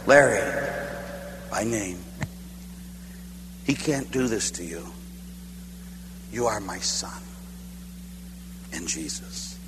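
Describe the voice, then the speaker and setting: A man voicing God as a calm, fatherly presence, speaking slowly in a hushed tone, in an echoey hall with a faint hum. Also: fairly low pitch, pitched below the performer's own voice. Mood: tender. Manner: hushed and slow.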